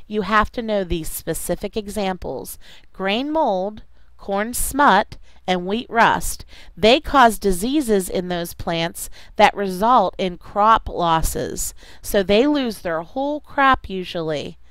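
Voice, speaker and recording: A woman teacher giving a classroom science lecture, speaking deliberately and repeating key terms for students to write down. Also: medium pitch, a bit bright, clean tone, dry recording, poor audio.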